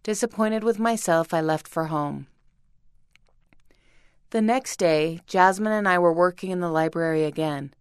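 A woman reading a first-person story aloud as scripted narration, in an earnest, steady delivery. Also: fairly low pitch, a little slow, pauses often, smooth, dry recording, studio quality. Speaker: reader.

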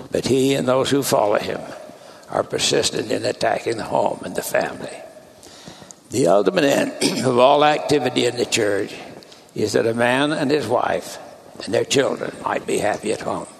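A man delivering a sermon as a church leader, in a measured, deliberate preaching cadence. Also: mid-range voice, gravelly, a little hiss or hum.

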